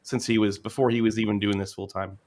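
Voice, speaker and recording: A man's voice: on the low side, flat delivery, fast talker, darkish tone. A man from South Florida co-hosting a livestream, friendly and a little self-deprecating. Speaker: livestream co-host. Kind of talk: casual livestream chat.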